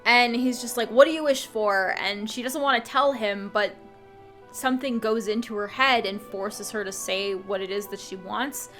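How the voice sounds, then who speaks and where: A woman's voice: mid-range voice, steady tone, normal speed, pushed and bright, faint music behind. A woman casually retelling a game's story as a channel host, chatty and full of fillers and restarts. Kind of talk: casual game story recap.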